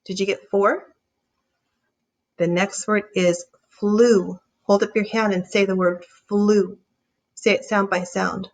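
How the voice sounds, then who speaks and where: A woman teaching a reading lesson, sounding out words slowly and encouraging young readers. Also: mid-range voice, fairly even intonation. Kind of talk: slow, clear phonics lesson.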